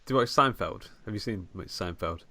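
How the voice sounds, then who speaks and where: A man's voice: lowish voice, a little fast, no room sound. A man co-hosting a podcast, talking with many hesitations about a film. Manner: hesitant, many fillers, animated. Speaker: podcast co-host. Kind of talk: casual film discussion.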